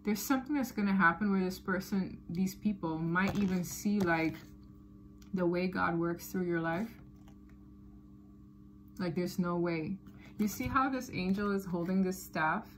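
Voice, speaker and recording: A woman giving a tarot reading to her viewers, talking in a loose, animated way, often laughing and repeating phrases. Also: lowish voice, unhurried, slight background noise, rough recording. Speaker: tarot reader. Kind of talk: casual tarot reading to camera.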